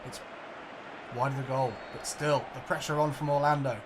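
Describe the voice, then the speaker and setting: A man commentating his own football video game match like a broadcaster, jokey and prone to excited outbursts and swearing. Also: medium pitch, moderate pace, background noise. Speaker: let's play gamer. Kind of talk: mock football commentary over gameplay.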